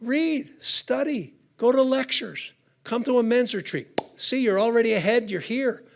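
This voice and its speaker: A man's voice: very high voice, measured pace, creaky, a little hiss or hum. A man speaking at a conference, telling humorous stories in a chatty, conversational way with punchy asides. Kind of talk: humorous storytelling talk. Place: conference hall.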